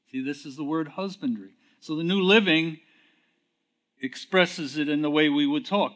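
A man preaching a sermon who puts questions to his listeners, answers them himself, and reads scripture verses slowly and with emphasis. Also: a little high, a bit bright.

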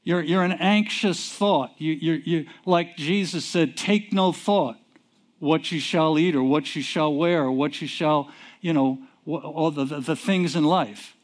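Slow-preaching man asking the room. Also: on the high side. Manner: call-and-response questions, drawn-out emphasis. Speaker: pastor. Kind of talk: sermon.

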